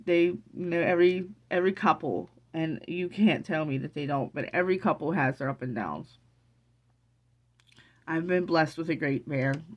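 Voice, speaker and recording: Teary, excited woman with a low voice. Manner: excited, emotional, rambling with many restarts. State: teary from crying. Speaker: vlogger. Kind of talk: emotional casual vlog.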